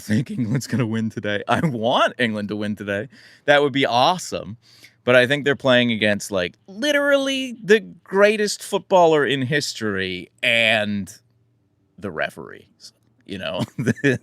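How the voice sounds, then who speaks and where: A relaxed American man chatting with his live audience, rambling and poking fun at himself. His low voice carries a gravelly fry and swings up and down a lot as he talks. The sound is close and dry, with no room around it. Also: no echo. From United States. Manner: relaxed, rambling, self-deprecating. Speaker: livestream host answering chat. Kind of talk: casual live chat.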